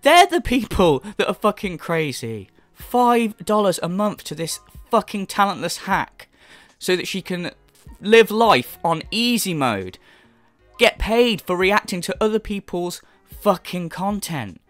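A man rants through a reaction commentary, sarcastic and profane, his pitch leaping up and down as he mocks and scolds. He sounds close to the mic in a dry, dead room. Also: sing-song, measured pace, fairly bright tone, no echo, faint music behind. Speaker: commentary YouTuber.

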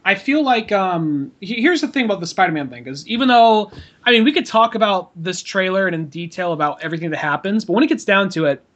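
A man's voice: high voice, lively intonation, quick pace, fairly bright tone, highs cut off. A man co-hosting a podcast in casual chat, giving meandering opinions. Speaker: podcast co-host.

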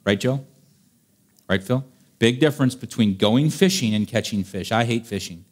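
A man's voice: medium pitch, normal speed. A man preaching a sermon in a chatty, playful way, reading old-fashioned scripture and acting out the scenes.

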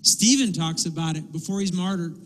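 Animated high-voiced man preaching. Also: fairly quick, in a large hall, low-quality recording. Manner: animated, acts out quotes and asides. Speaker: pastor. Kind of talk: sermon. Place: church sanctuary.

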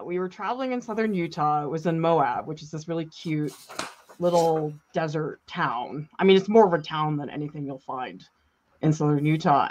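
A woman's voice: sits low, muffled recording. A woman art teacher chatting casually and playfully during an art demo, teasing her co-host.

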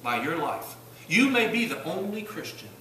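Animated Southern preacher in an echoey church. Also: male voice, sits high, moderate pace, slight background noise. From Virginia. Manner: emphatic, rising and falling, rhetorical questions to the congregation. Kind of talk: sermon. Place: church sanctuary. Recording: roomy church recording from some distance.

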